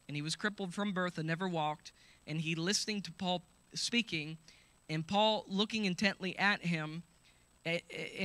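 A high, bright male voice preaching a sermon. He reads scripture aloud, shouts the healing commands and calls out hallelujahs to the congregation. The sound is dry and close. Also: no room sound.

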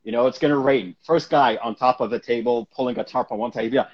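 Husky man telling a lively anecdote. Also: medium pitch, quick pace. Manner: animated, laughs often, acts out quoted people. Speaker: actor guest. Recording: dull lo-fi recording.

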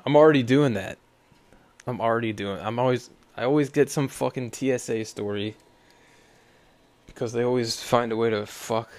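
A young man hosting a podcast, talking in a rambling, profane, sardonic way. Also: on the low side. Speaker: podcast host. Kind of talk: casual solo podcast rant.

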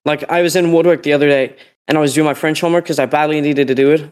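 A man's voice: fairly high pitch, steady tone, rapid-fire, a little mellow, clear, resonant tone. A teenage boy co-hosting a podcast, telling a rambling story in casual chat and acting out the people in it. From Northern Ireland. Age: teens. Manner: rambling storytelling, acts out quotes. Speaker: podcast co-host.

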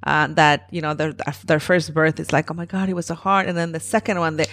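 A woman hosting a podcast, chatting casually, quick to agree and laugh with her guest. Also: sits low, level tone, fairly bright tone. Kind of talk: casual conversational chat.

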